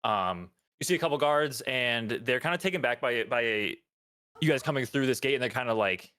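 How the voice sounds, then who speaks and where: A man's voice: mid-range voice, expressive, normal speed, pushed and bright, smooth. A man narrating a tabletop game as dungeon master in a loose, rambling way. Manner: loose, full of fillers and restarts.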